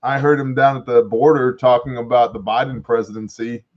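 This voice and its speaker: A man's voice: mid-range voice, steady tone, fairly quick, dull audio. A man hosting a casual live stream, joking loosely and laughing often. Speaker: host.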